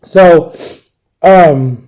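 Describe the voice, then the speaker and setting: A man's voice: a little high, extremely slow, warm tone. Tearful man telling a raw story. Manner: addresses viewers directly. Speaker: vlogger. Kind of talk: emotional storytime monologue.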